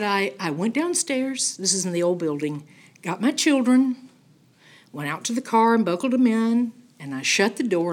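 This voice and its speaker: Husky older woman teaching scripture. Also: lowish voice. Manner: folksy, animated storytelling with quoted voices. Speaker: Bible teacher. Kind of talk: Bible study teaching with storytelling.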